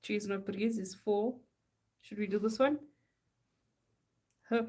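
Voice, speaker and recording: A woman's voice: medium pitch, fairly even intonation, slow, pauses often, dark tone. A woman, chatting casually while she works on art. She reads silly slogans aloud in a playful, mock-serious chant. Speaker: artist live-streaming.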